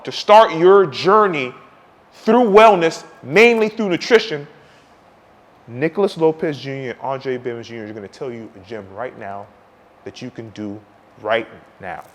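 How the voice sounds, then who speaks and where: Man, 40s, high-pitched podcast host, fiery tough-love motivational rant, reverberant room. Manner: loud, preachy, swings between shouting and muttering.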